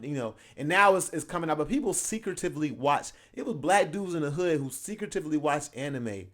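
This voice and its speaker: A young man talks straight to his audience in loose, casual commentary. His voice sits a little high for a man, and he gets animated and laughs easily when he makes his points. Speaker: channel host reacting to a video.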